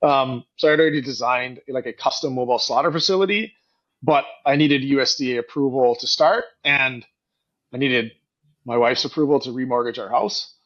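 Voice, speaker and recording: A middle-aged man telling stories in a casual podcast interview, animated and quick to act out what others said. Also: medium pitch, lo-fi sound. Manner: animated storyteller, acts out quoted voices, frequent "like". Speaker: guest, company co-founder and CEO.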